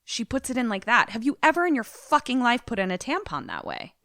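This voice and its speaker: Profane, animated woman podcast host. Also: fairly high pitch, brisk, no room sound. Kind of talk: casual chat, retelling a film.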